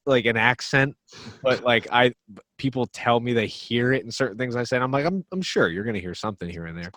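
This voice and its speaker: A man's voice: mid-range voice, moderate pace, fairly bright tone, dry recording. A man appearing as a musician guest on a podcast, talking casually in a blunt, joking, profane way.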